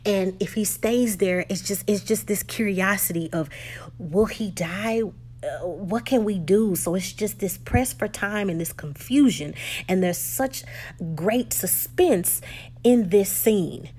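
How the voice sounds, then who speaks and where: A woman retells a film's plot in a relaxed, conversational recap, stumbling and restarting as she goes. Her voice is husky and sits at a middling pitch. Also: takes it slowly. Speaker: film recap reviewer. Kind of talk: casual movie recap.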